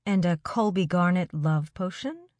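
A woman's voice: on the low side, unhurried, a little mellow, no room sound, close to an everyday voice. A woman voicing a teasing, wry teenage girl who is the narrator's best friend, in a dry, close recording.

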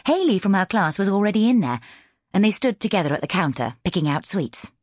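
A woman narrating an audiobook in a measured, expressive storytelling manner, close to a studio mic. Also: medium pitch, no echo.

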